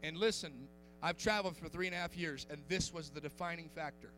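A man preaching a fervent sermon, repeating his phrases and often starting lines with "uh", moving from quiet asides to loud calls. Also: fairly quick, a little hiss or hum, low-quality recording. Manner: fervent, repetitive, filler "uh" before lines, swings from low asides to shouting.

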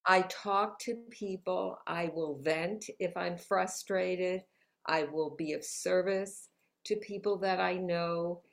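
A female author, interviewed as a guest in New York City, sounds upbeat and motivational and laughs frequently during the conversation. Her voice sits on the low side, gravelly and steady in tone, and she speaks slowly.

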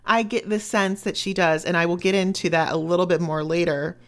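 A woman with a slightly low voice co-hosts a casual book podcast. She is chatty and eager, and she readily rattles off lists as she steers the conversation. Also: steady tone, brisk.

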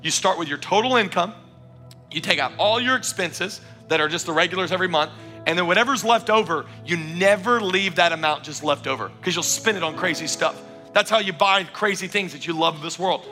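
A male pastor preaching with fervent, emphatic urgency, his voice sitting a little high and ringing forceful and sharp. He drives his points home with repeated exhortations to the congregation. Faint music plays underneath. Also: fairly quick. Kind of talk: sermon. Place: church service.

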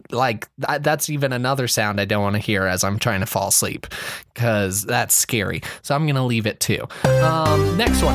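Podcast dude joking around, dry close mic, mid voice. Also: male voice, mid-range voice, fairly bright tone, dry recording. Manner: jokey, slips into silly put-on voices. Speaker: comedy podcast co-host. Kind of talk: casual comedic banter.

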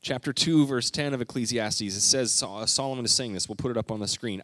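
A middle-aged man delivers a sermon in a church, moving between homey family anecdotes and scripture. He acts out quotes with animated shifts in voice. The sound is dry, with little room echo. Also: medium pitch, fast talker, hardly any pauses. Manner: storytelling, animated, acting out quotes. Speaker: pastor.

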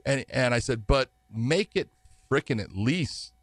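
A man's voice: mid-range voice, lively intonation, measured pace, dry recording. A man telling long anecdotes as an interview guest, rambling, laughing often, acting out what others said. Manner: rambling, laughs often, acts out quoted voices. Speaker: guest, fight referee. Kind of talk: anecdotal storytelling.

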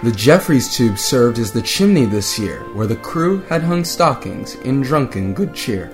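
Male co-host, mid-range voice, lively verse reading, trades lines with a partner. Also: medium pitch, a little slow, soft background music. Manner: lively reading, raising his voice for quoted lines. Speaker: podcast co-host reading a story. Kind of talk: alternating rhyming poem reading.

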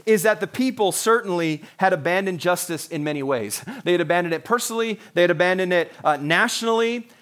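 A man's voice: high voice, a little fast, hardly any pauses, a bit bright. A man in his forties, a pastor, preaching a sermon in an earnest, conversational way with frequent restarts.

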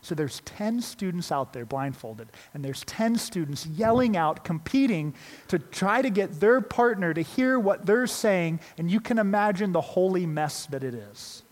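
Male pastor, fairly high voice, animated storyteller sermon, long hall reverb. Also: unhurried.

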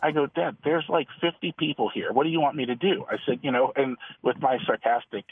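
A middle-aged man, a guest author, telling a lively story and acting out the dialogue in a radio interview. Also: medium pitch, fairly quick. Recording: husky, dry, phone-line sound.

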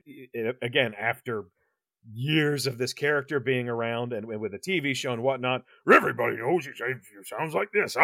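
Bright-voiced man rambling on a podcast. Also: medium pitch, no echo. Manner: rambling, swears, frequent restarts. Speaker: podcast co-host. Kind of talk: casual movie review chat.

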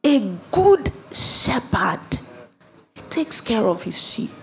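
A woman pastor preaches at an unhurried pace, her voice pitched on the high side. She leans hard on key phrases and swells toward emphatic peaks. Soft music drifts faintly behind her. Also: very animated. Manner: slow, emphatic preaching with dramatic rises. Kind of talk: sermon.

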